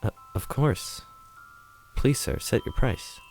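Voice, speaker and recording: A man reading a visual novel aloud, voicing a polite, timid young woman who speaks in a soft, hesitant way. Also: mid-range voice, very animated, slow pace, creaky, faint music behind, pitched above the performer's own voice, full character voice.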